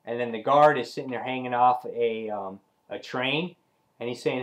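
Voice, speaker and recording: A man in the middle of the usual pitch range walks through a comic issue in a loose, rambling way. He leans on fillers and restarts as he retells each scene in casual vlog style. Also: moderate pace. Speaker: comic book reviewer.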